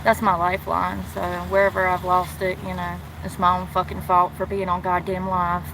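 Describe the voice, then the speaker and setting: A woman's voice: on the low side, monotone, moderate pace. A young woman, rambling and swearing freely as she livestreams from a phone around her vehicle. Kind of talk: casual livestream chat. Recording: vehicle noise behind voice.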